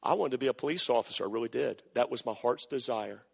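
A man preaching, telling a story with animated bursts of shouting and hushed stretches. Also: medium pitch, fast, creaky, breathy edge. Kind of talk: sermon storytelling. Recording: long hall reverb.

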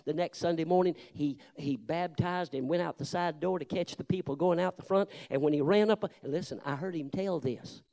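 A man preaching a Baptist sermon, telling folksy stories and moving from low, confiding tones to loud, shouted rebukes. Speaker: Baptist pastor. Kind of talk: fiery storytelling sermon.

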